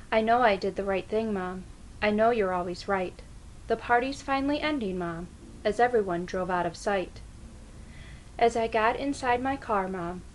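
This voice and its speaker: A woman speaking as a dying youth, talking softly and slowly to Mom in a mid-pitched voice. Each "Mom" sinks lower and quieter, a mournful plea. There is a faint hiss behind the voice. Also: close to an everyday voice, poor audio. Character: dying young person pleading with their mother. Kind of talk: dramatic poem recitation.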